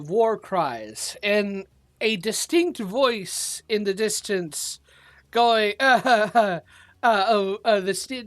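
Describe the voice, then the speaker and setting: A man's voice: sits high, fairly bright tone, no room sound. A man narrating as game master in an online tabletop game, often trailing off with fillers. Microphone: online voice call.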